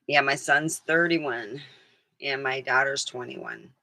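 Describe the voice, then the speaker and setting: A woman's voice: rumbling low, fairly even intonation, slow pace, sharp tone. A middle-aged woman vlogging in a casual, rambling chat, who laughs often and acts out the things people said.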